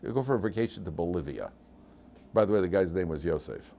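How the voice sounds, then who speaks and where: An older male rabbi lectures with a low, deep voice, weaving self-deprecating anecdotes into his teaching. His humor is dry, and his stories run long and loose. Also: animated, fast talker, gravelly, dark tone, slight background noise.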